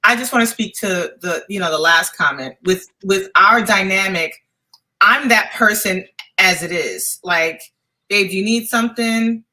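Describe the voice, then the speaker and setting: A woman chatting casually in a lively way about herself. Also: mid-range voice, a little slow, far from the mic, poor audio. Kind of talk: casual chat.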